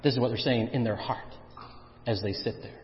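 A man's voice: steady tone, brisk, a little hiss or hum. Emphatic preacher man in an echoey hall. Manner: emphatic preacher, swinging between loud stresses and quiet low asides. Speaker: pastor. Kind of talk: sermon. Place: church sanctuary. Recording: echoey church hall, dull sound.

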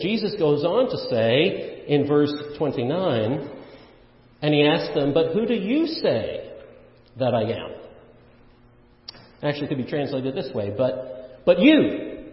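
A man's voice: a little high, roomy sound, long reverb tail, highs cut off. A man preaching a sermon, earnest and emphatic, often restarting his sentences. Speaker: pastor.

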